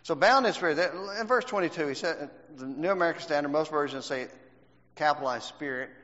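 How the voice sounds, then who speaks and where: Speaking at a quick pace, this man teaches a Bible class, firing questions at his students and hammering home every point. His voice is a little high and a bit bright. The lo-fi recording sounds dull and echoes around a reverberant hall.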